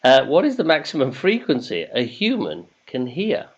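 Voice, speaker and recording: A man runs a casual online quiz, chatting and joking between questions, which he reads in English and then in German. His pitch rises and falls a lot, and the sound is somewhat dull and lo-fi. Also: wildly swooping pitch, moderate pace, slightly rough. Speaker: quiz host. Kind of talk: casual livestream quiz hosting.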